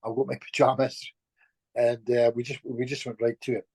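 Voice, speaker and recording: A middle-aged man, a guest healer, telling stories in a lively, chatty way with chuckles and restarts. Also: mid-range voice, normal speed, breathy edge, no echo. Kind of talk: casual storytelling in conversation.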